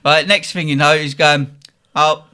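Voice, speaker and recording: A man's voice: on the high side, normal speed, pushed and bright. A young man, a podcast host telling a story in a casual, slangy way and laughing often.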